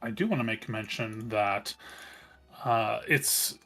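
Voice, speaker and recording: Slow, hesitant male game master. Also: on the low side, bright, forceful tone. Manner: unhurried, with many ums and pauses. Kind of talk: running a tabletop game over voice chat.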